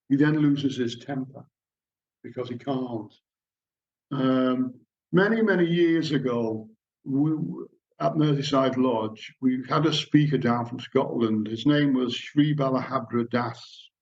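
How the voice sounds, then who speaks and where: A man's voice: medium pitch, slow pace. A middle-aged man giving a lecture, telling anecdotes and reading passages aloud. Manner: storytelling, reads passages aloud. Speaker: lecturer at a society lodge. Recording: dull lo-fi recording.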